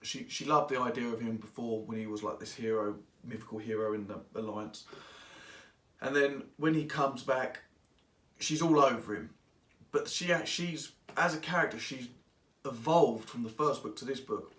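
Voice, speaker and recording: A man reviewing a book in casual, rambling speech, excitable and quick to act out the characters. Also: mid-range voice, far from the mic. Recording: echoey room, voice away from mic.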